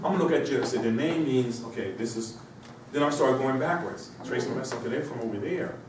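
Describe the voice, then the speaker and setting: A man's voice: medium pitch, fast talker. A man with a cold gives a rambling classroom lecture, throwing out question after question to his students. He sounds far from the mic in a very echoey room with a faint hiss underneath. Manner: rambling, asks rhetorical questions. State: has a cold. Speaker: instructor. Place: university classroom.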